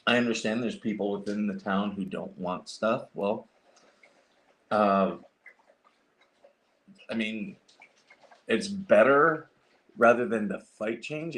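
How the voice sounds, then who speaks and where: A man's voice: fairly low pitch, fairly bright tone. A man hosting a casual livestream, rambling with many fillers and restarts as he clicks through his computer and talks to viewers. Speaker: livestream host.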